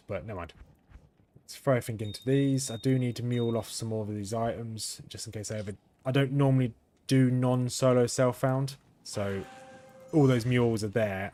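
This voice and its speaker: With slight background noise, this gaming host talks through gameplay casually at a moderate pace, his fairly low voice flat and monotone. He rambles, stops to correct himself, and chuckles now and then.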